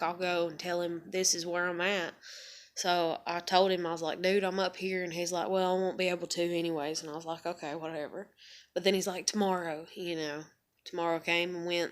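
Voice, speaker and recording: A woman's voice: on the low side, a bit bright. A woman vlogger telling a personal story in a blunt, profane, rambling way, full of fillers and quoted back-and-forth. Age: adult parent. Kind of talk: candid personal storytelling to camera.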